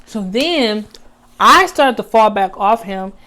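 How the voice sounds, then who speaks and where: A woman's voice: mid-range voice, lively intonation, takes it slowly, pushed and bright, a little hiss or hum. A young woman vlogger telling a personal story in a casual, chatty monologue, full of "like" and slang, talking straight to her viewers. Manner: chatty, heavy use of "like" and slang, addresses viewers as y'all.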